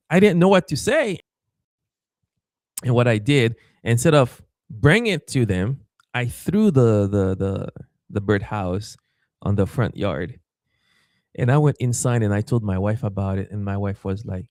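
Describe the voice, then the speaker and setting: A man's voice: fairly low pitch, normal speed, no room sound, clean studio sound. A man from Haiti, a pastor telling a story in a podcast interview, acting out voices and stammering as he goes. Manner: animated, acts out quoted voices, stammers and repeats.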